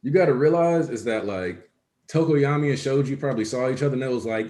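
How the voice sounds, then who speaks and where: A man's voice: medium pitch, fast talker, warm tone. A man co-hosting a casual discussion, explaining his points at length in an analytical way. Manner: analytical, talks in long explanations. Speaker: co-host. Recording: echoey room.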